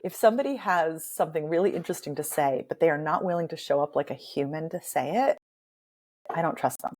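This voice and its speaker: A woman dialect coach and author talking as a guest in a podcast interview, animated and emphatic, with playful asides. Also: sits low, a little fast.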